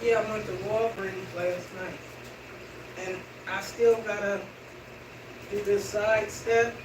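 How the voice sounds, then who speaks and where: A middle-aged woman chats casually to her viewers, taking slow steps while she exercises indoors. Her voice sits away from the camera in a roomy space, with clear background noise all around. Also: mid-range voice, fairly even intonation. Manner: chatty, slow walking while talking. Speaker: vlogger. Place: indoor room with hardwood floor. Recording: roomy, distant and noisy room sound.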